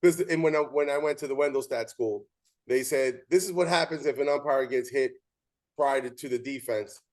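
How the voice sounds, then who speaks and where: A man's voice: mid-range voice, normal speed. A man hosting an interview, an umpire who tells stories animatedly and acts out the dialogue. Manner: animated storytelling with quoted dialogue. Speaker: show host and umpire. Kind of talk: casual interview chat.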